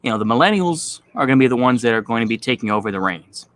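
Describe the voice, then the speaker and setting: A man's voice: mid-range voice, expressive, quick pace, a bit bright. Blunt, profane man ranting casually. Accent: Texan. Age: 30s. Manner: blunt, profane, dismissive rambling with many fillers. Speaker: political commentary vlogger.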